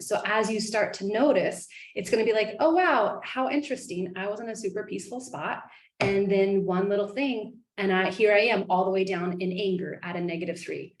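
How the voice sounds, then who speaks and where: Woman life coach, earnest and animated on a group call, mid pitch, echoey room sound. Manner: earnest, animated, acts out inner voices.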